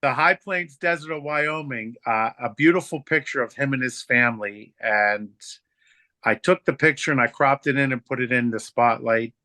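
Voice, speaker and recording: A man hosting a team call, telling a moving story in a halting way with many fillers and restarts. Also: mid-range voice, pushed and bright, no room sound. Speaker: team leader hosting a family night call. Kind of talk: emotional storytelling to his team.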